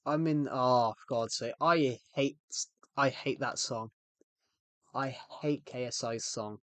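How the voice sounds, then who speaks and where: A man's voice: mid-range voice, slow, fairly bright tone, no room sound. A man chatting on a live stream in a rambling, jokey way, often restarting his sentences. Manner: rambling, self-interrupting, jokey. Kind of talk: casual live-stream chat.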